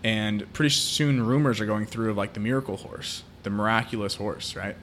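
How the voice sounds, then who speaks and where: A fairly low-pitched man speaks at a moderate pace, his tone a bit bright, over slight background noise. He's a podcast co-host casually retelling a movie plot, peppered with fillers.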